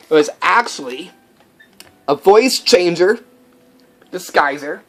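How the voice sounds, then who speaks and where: A man hosting a prank tutorial, explaining with enthusiasm and plenty of fillers as he shows his props. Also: fairly high pitch. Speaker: magic and prank video host. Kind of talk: how-to demonstration.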